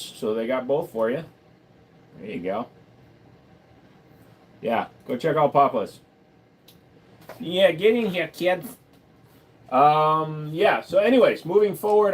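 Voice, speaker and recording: A man hosting a casual livestream, rambling and joking while he talks to his dog between topics. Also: on the high side. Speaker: livestream host.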